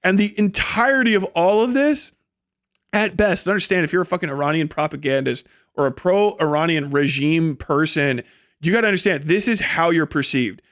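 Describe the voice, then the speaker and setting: A man's voice: fairly high pitch, normal speed, fairly bright tone, no room sound, clean studio sound. A young man ranting on a livestream, profane and mocking, slipping into sneering impressions of others. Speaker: live streamer. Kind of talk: angry political rant on a livestream.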